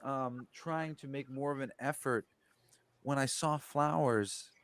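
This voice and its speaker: A man's voice: mid-range voice, slow pace, fairly bright tone. A man co-hosting a casual talk show, talking in a loose, rambling way full of fillers. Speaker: podcast co-host. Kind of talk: casual conversation.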